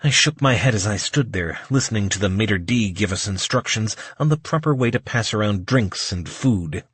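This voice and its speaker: A man narrating an audiobook in the first person, with a measured, wry reading. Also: fairly low pitch, animated, a bit bright, husky, no echo.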